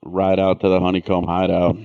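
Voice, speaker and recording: Deep-voiced brash man on a muffled mic. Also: completely flat delivery, a little fast, clear, resonant tone, dry recording. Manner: brash, boastful, swearing. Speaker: player. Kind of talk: playing a tabletop game in character.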